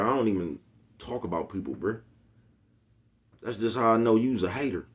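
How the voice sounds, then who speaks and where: Speaking in a mid-range voice, this YouTube host in his forties delivers an easygoing pep talk loaded with street slang and catchphrases he keeps coming back to.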